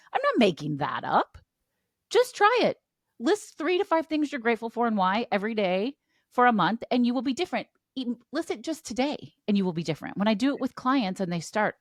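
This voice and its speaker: A woman coach, a guest on a podcast, chatting casually in an emphatic, animated way. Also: medium pitch, no room sound, studio quality.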